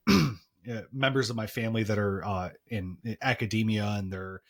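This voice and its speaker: A man's voice: on the low side, moderate pace, gravelly. A man co-hosting a marketing podcast, talking casually with many fillers and restarts. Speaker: podcast co-host.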